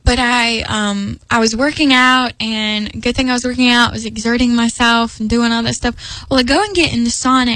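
A woman's voice: fairly high pitch, a bit bright, no echo, rough recording. A young woman speaking earnestly about faith in a personal devotional talk, emphatic and rambling with restarts. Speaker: Christian speaker.

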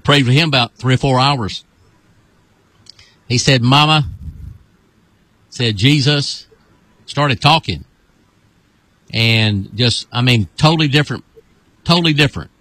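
A man, a pastor, leading a deliverance prayer with commanding repeated calls and sudden high whoops. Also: a little slow, long pauses, sharp tone, no room sound.

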